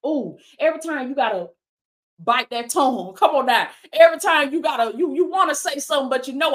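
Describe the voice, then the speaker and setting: Preaching motivationally over a livestream, a woman who's a life coach and preacher reads out viewers' comments and calls to them with "baby" and "come on now." She speaks at normal speed, her voice high with lively intonation.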